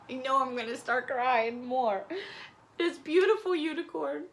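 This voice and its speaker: A woman talks to her camera in an easy, slow, unhurried way, thanking viewers for packages. Her voice sits high and bright, and she gushes and apologizes, sounding moved almost to tears. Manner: emotional, gushing, apologetic, chatty with little laughs. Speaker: vlogger opening fan mail. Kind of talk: casual chat to camera.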